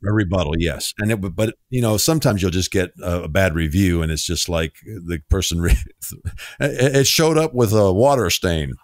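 A man hosting a podcast interview, telling a personal story in a lively way, acting out the dialogue and laughing easily. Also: deep voice, moderate pace, no echo, clean studio sound. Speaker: podcast host.

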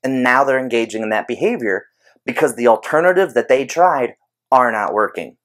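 A man giving an informal explanatory talk on behavior training, conversational and animated, using everyday examples. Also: medium pitch, moderate pace. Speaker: behavior analysis educator.

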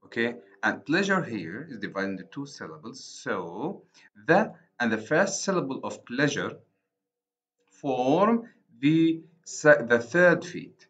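A man with an Arabic accent giving a recorded university lecture on poetry, speaking haltingly and correcting himself often. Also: medium pitch, very animated, a bit bright. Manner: slow, halting, many restarts and self-corrections. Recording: dull lo-fi recording.

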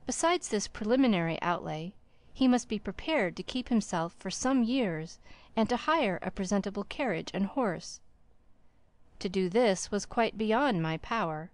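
A woman narrating a classic story as an audiobook in a measured, formal way. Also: mid-range voice, a little mellow, no echo.

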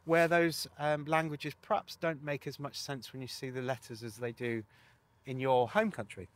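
A man's voice: medium pitch, flat delivery, normal speed. A man presenting a casual walkthrough of a motorcycle sat nav, chatty with wry asides.

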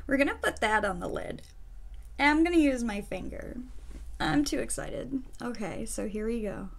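A woman doing a makeup first-impression vlog, gushing and giddy, often breaking into laughs and hushed gasps. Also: on the high side, expressive, moderate pace, creaky. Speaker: beauty vlogger.

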